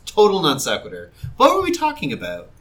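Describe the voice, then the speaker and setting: Bright, animated podcast co-host man. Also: high voice, a little fast. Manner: animated storyteller, playful. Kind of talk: casual podcast chat.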